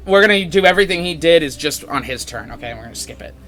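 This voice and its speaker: A man's voice: a little high, expressive, very fast, fairly bright tone, faint music behind. A man running a tabletop game as dungeon master, narrating casually with many fillers.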